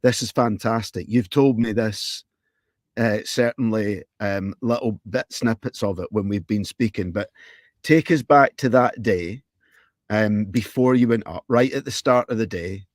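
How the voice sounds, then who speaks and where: A man's voice: fairly low pitch, a little slow, no room sound, clean studio sound. A man hosting a podcast, asking long questions with many restarts and ums. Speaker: podcast host. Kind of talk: interview questions.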